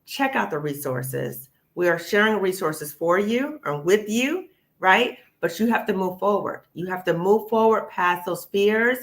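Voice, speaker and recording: A woman's voice: mid-range voice, animated, measured pace. A woman hosting a live panel discussion, encouraging and emphatic, often saying "okay?" and "sis". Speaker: host.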